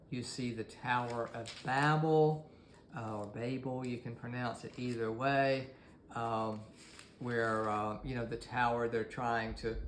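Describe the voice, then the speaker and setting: A man's voice: mid-range voice, roomy sound, a little hiss or hum. A man giving a recorded course lecture, talking in a hesitant way with many fillers and restarts.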